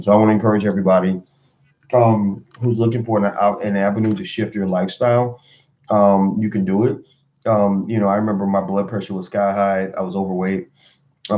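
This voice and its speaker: A Kentucky man in his forties livestreams a rambling, motivational talk from his computer at home, full of filler words. His voice sits low and is a little mellow, and the recording sounds muffled.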